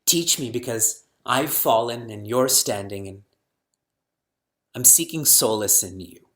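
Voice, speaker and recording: Lively man teaching scripture. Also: mid-range voice. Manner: animated, fires rhetorical questions, chants verses slowly. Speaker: spiritual teacher. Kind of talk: scripture lecture to an audience.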